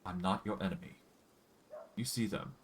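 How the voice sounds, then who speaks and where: A man's voice: deep voice, fairly even intonation, normal speed, slight background noise, close to an everyday voice. A man reading aloud the lines of a defiant, wary elf woman in a fantasy game.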